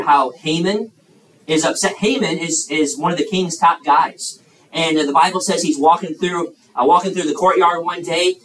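Youth preacher, male, slightly high voice, lively and stumbling, recorded from off-mic in a roomy hall. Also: distant mic. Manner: animated, acts out characters, frequent restarts. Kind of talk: sermon to young people.

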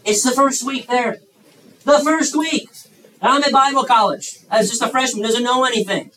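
A man in his thirties preaching a sermon to young people, swinging between loud emphatic bursts and hushed asides. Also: very high voice, normal speed, recorded from a distance, slight background noise, rough recording.

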